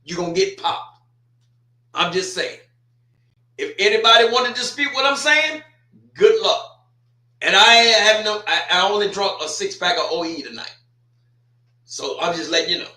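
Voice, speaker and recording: A man's voice: high-pitched, expressive, normal speed, pauses often, sharp tone. A man co-hosting a podcast, talking in a brash, teasing way about football. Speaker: podcast co-host. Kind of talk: casual podcast chat. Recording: echoey room.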